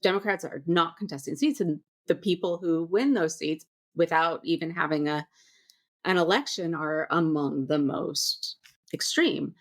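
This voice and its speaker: A woman hosting a podcast interview, speaking in a measured, conversational way. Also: sits low. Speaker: podcast host.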